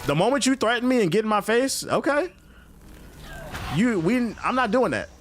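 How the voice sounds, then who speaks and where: A man telling a story in a casual, profane rant, animated and prone to repeating himself. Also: very high voice, moderate pace, slight background noise. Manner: animated, profane, repeats phrases, jumps into quoted voices.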